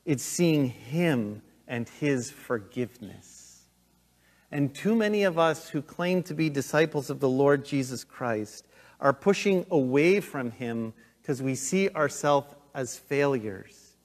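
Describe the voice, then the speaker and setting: Man, middle-aged, pastor, earnest sermon, slow deliberate delivery, long hall echo. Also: medium pitch, lively intonation. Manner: earnest, emphatic preaching that swings between loud urgency and hushed intensity.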